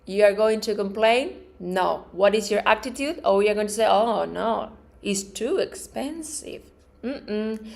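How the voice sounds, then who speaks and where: Her mid-range voice is expressive, gravelly, a little mellow and a little slow as she leads a spiritual teaching talk before a live group. This metaphysics teacher earnestly dramatizes affirmations and everyday reactions on positive attitudes, often restarting phrases and repeating words.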